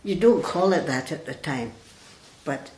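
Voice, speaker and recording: An older woman, a religious sister, recalls her past in an unhurried, thoughtful way. Her voice sits a little low and comes with restarts and small hesitations. The room around her rings noticeably. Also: expressive, a little mellow. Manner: slow, reflective, with restarts and hesitations. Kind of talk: reflective personal storytelling in an interview. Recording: roomy echo.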